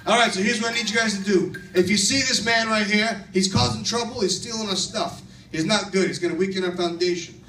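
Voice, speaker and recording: A man playing a brash male construction foreman who teaches kids in a children's church skit, with a loud, bossy, tough-guy patter. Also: high-pitched, fairly quick, few pauses, soft background music. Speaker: kids' camp skit performer. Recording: echoey hall, far from mic, audience.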